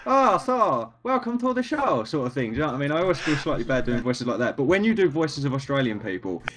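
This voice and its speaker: A man's voice: mid-range voice, animated, rapid-fire. A British man co-hosting a podcast, trading jokes and banter in casual chat. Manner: joking, banter-heavy. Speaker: podcast co-host.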